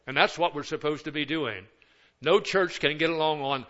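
Older man, pastor, sermon, folksy asides, fairly high voice, muffled lo-fi sound. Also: normal speed, sharp tone.

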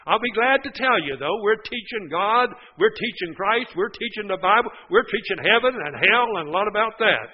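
A man's voice: high-pitched, lively intonation, normal speed, hardly any pauses, breathy edge, dull audio. An older man preaching a sermon, folksy and emphatic, firing off rhetorical questions. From West Virginia.

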